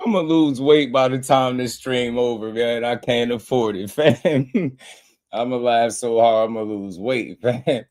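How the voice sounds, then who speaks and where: A male boxing streamer riffs on clips in loose, slangy talk, breaking into laughter again and again. His voice sits at an ordinary middle pitch, and his delivery stays excitable and playful. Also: takes it slowly, pauses often. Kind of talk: casual live-stream reaction chat.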